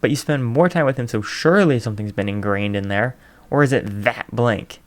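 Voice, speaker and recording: A man's voice: medium pitch, close to an everyday voice. A man voicing a sarcastic teen girl. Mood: snarky. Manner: sarcastic, quick comebacks. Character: sharp-tongued teenage girl hero student.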